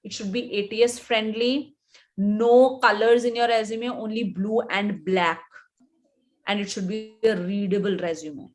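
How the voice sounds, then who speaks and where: Indian woman coaching in a live webinar. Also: mid-range voice. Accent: Indian English. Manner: instructive, repeats points for emphasis. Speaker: image coach answering live questions.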